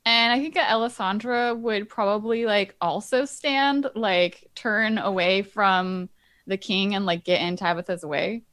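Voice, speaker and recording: A woman's voice: medium pitch, a little slow, fairly bright tone, no echo, studio quality. A woman playing a tabletop game, describing her character's actions in a chatty, thinking-aloud way. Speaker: player. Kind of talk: tabletop role-play, casual chat.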